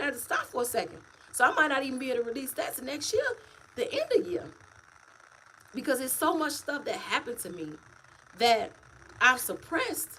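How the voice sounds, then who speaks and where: A fairly high-voiced woman talks straight to her viewers on a livestream, animated and full of repetition. A faint hum of ambient noise sits under her voice. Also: rough recording. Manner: animated, repetitive, preachy, addresses viewers as y'all. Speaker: author and vlogger. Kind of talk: casual livestream talk to viewers. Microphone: phone or webcam, livestream.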